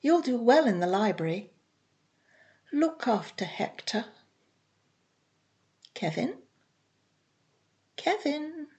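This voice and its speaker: A woman reading aloud, voicing a weary older woman who speaks quietly and slowly. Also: on the high side, big pitch swings. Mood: resigned. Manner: quiet, soft-spoken.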